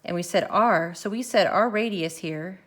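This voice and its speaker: A woman teaching a recorded math lesson, walking through each step slowly and thinking aloud as she films her worksheet. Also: lowish voice, a bit bright. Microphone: phone camera filming her worksheet.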